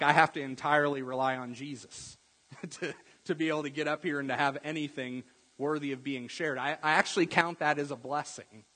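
A man preaching a sermon in a conversational storytelling way, often checking in with the congregation with a quick "right?". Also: mid-range voice, fairly bright tone, slightly rough, big-room sound, rough recording. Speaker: pastor.

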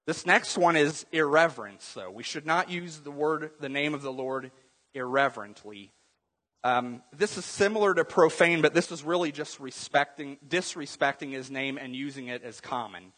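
A man's voice: fairly high pitch, animated, normal speed, fairly bright tone. Earnest man preaching in reverberant church. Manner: earnest, conversational preaching with bursts of humor. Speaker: pastor. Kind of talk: sermon. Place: church sanctuary. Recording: long hall reverb.

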